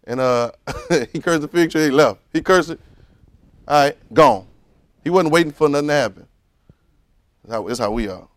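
A man preaching a sermon, moving from low musing to loud fervent preaching and calling out to the congregation. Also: expressive, moderate pace, pauses often, no echo. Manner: calls out to the congregation.

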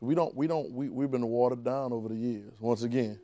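A man's voice: mid-range voice, brisk, warm tone, dry recording. A man preaching a sermon in a conversational, vernacular way, with frequent restarts and call-and-response with the congregation.

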